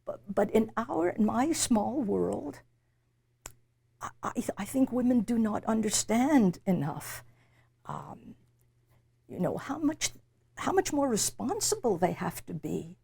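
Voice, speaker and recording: An older woman, a literature professor, is being interviewed in a reflective conversation. Her fairly high voice swings widely in pitch and comes out slow, creaky, mellow and husky. She speaks with emphasis and reflection, often repeating words while hunting for a phrase.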